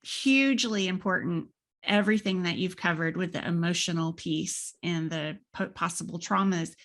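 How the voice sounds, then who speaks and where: A woman's voice: lowish voice, normal speed, fairly bright tone. A woman hosting a faith podcast, chatting casually, rambling with fillers and restarts. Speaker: podcast host. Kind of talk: casual interview chat.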